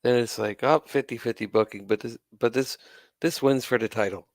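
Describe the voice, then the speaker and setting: A man's voice: mid-range voice, fairly quick, dry recording, studio quality. A man hosting his own channel, ranting with sarcasm and exasperation and swearing now and then. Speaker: wrestling commentary channel host. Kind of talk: ranting commentary to camera.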